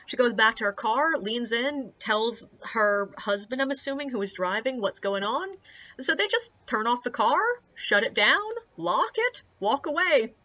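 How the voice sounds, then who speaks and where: A woman's voice: fairly high pitch, expressive, a little slow, pushed and bright, lo-fi sound. A young woman, a tour guide, telling anecdotes in a chatty, casual way, peppered with likes, uhs and swearing. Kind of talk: casual storytelling vlog.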